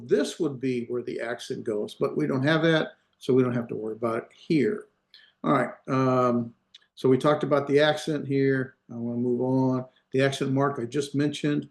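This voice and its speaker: A man's voice: medium pitch, roomy sound. A man teaching an online class, explaining step by step with patient repetition and many fillers, heard over a video call. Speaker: Hebrew instructor.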